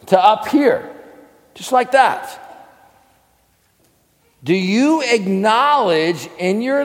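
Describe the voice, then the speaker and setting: High-voiced man preaching in a hall. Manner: asks the audience questions and answers them himself. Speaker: preacher teaching a class. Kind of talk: sermon-style Bible teaching.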